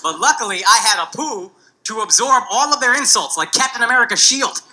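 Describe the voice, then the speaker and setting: A very high-pitched, expressive man from the United States talks a little fast through a brash, profane stand-up set. His mocking punchlines draw laughter from the club crowd, and the special's audio is loud and noisy.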